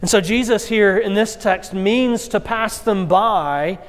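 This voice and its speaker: A pastor delivering a sermon, telling the story with expressive acted quotes. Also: male voice, high voice, slow. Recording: long hall reverb.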